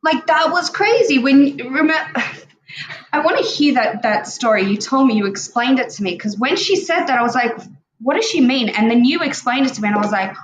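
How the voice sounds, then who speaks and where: A woman's voice: high-pitched, animated, fairly quick, echoey room, lo-fi sound. A woman co-hosting a casual spiritual talk show, talking earnestly and rambling as she acts out her inner dialogue. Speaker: co-host.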